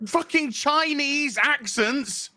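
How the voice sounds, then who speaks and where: A man's voice: very high-pitched, slow, bright, forceful tone, dry recording, studio quality. A man co-hosting a casual podcast chat, ranting sarcastically and swearing often. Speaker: show co-host.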